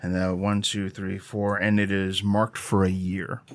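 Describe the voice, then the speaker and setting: A man with a fairly low voice plays a tabletop horror game. He talks eagerly through his rolls and rules, swearing casually. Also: completely flat delivery, a little slow. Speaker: player.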